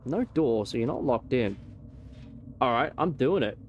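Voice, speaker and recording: A man's voice: medium pitch, expressive, a little slow, dull audio, a little hiss or hum. A young man casually rambling and joking while he streams a game, with some swearing. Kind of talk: casual gameplay commentary.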